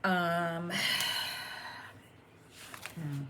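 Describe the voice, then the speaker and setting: A woman's voice: fairly low pitch, fairly even intonation, very slow, noisy background. A middle-aged woman chatting casually at home as host of her own stitching channel, rambling with many ums and restarts. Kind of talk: casual chat to camera.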